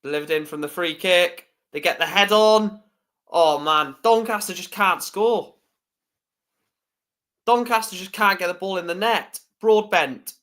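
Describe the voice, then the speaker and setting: A man's voice: sits high, measured pace, a bit bright. A man hosting a live stream, giving chatty fan commentary on a football match and swearing freely.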